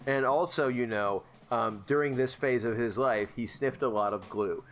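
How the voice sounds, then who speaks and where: A man's voice: medium pitch, normal speed. A man playing in a casual tabletop game, rambling and joking with lots of "you know.". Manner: rambling, jokey, full of fillers. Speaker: player. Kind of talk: casual chat.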